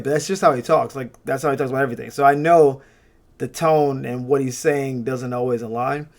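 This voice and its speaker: A man's voice: medium pitch, fairly even intonation, brisk, darkish tone. A man hosting a fan channel, giving casual, opinionated sports commentary with frequent laughs and fillers.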